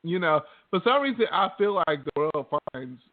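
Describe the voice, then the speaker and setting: A man co-hosts a loose podcast chat, circling his points with many fillers and asides. His voice sits somewhat high for a man. The sound is thin and narrow, as if over a phone. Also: sing-song, moderate pace, no echo. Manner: rambling, many "like" and "you know" fillers. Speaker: podcast co-host.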